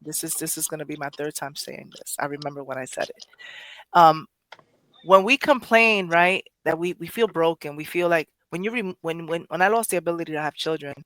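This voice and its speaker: A woman's voice: low-pitched, a little fast, a bit bright, dry recording. A woman hosting a poetry podcast, speaking emotionally in casual chat, rambling with many restarts and self-corrections. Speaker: poetry show host.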